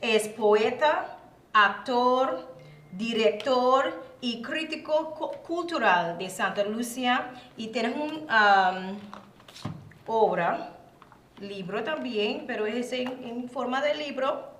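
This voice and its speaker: Talk host, woman, fairly high voice, casual and chatty, flips between English and Spanish; roomy echo. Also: animated, slow pace, fairly bright tone, a little hiss or hum. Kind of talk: casual bilingual interview intro.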